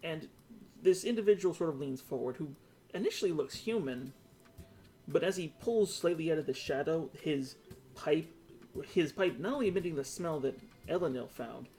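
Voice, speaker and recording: Guy running a tabletop game, lively voice, bit of music under it. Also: a little high, normal speed. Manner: loose, rambling description with fillers. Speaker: game master.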